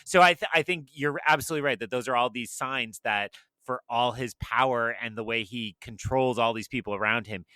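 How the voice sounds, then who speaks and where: Bright-voiced joking professor, man. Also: medium pitch, brisk, few pauses, dry recording. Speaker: professor, film review panelist. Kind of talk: casual film discussion.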